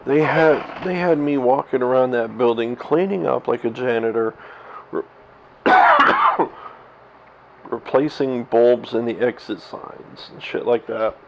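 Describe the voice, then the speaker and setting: Man, thirties, gravelly, rambling and profane, recorded on a camera mic at home, slightly muffled with faint hiss. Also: medium pitch, wildly swooping pitch, slow. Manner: rambling, profane, laughs at himself. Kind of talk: candid personal vlog monologue.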